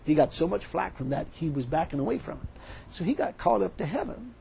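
A man preaching a sermon, animated, retelling a story with quoted dialogue. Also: fairly high pitch, brisk, gravelly, a little hiss or hum, rough recording.

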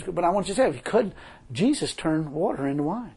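Husky, lively-voiced man preaching informally. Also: high voice, fast talker. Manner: conversational, repeats phrases, chuckles often. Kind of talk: informal sermon with personal testimony.

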